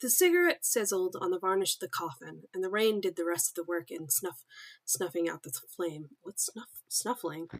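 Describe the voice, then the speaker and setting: A woman's voice: fairly low pitch, lively intonation, normal speed. A young woman streamer reading her own story aloud on a casual livestream, breaking off to laugh, swear and comment on her own writing.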